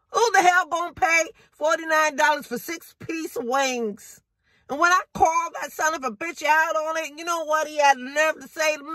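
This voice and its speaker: A woman's voice: high-pitched, a bit bright, dry recording. An actress playing a fed-up working woman who rants indignantly and profanely to a friend on the phone. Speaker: caller venting to a friend. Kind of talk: low-budget drama monologue.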